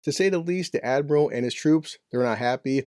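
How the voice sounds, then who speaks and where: A man's voice: medium pitch, brisk, a little mellow, dry recording, clean studio sound. A man giving a casual, brash, joking movie review with some profanity.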